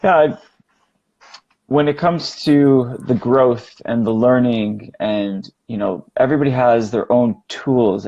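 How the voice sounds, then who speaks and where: A man's voice: mid-range voice, lo-fi sound. A man hosting a podcast, talking casually and acting out little quoted thoughts. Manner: animated, acts out quoted thoughts. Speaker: podcast host.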